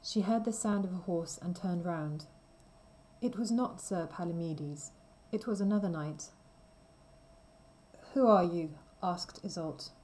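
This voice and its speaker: A woman reading a simple storybook aloud slowly and clearly for language learners. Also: fairly low pitch, warm tone, a little hiss or hum, rough recording. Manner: careful, deliberate reading. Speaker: reader.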